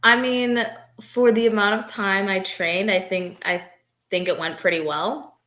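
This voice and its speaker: A young woman wrestler answering interview questions in a soft, hesitant way, with many fillers. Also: mid-range voice, steady tone, measured pace, echoey room. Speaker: wrestler guest.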